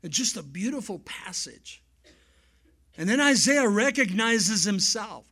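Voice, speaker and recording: High-voiced male pastor telling stories. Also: a little slow, husky. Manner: animated storyteller, swings between soft and loud. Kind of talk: sermon with storytelling.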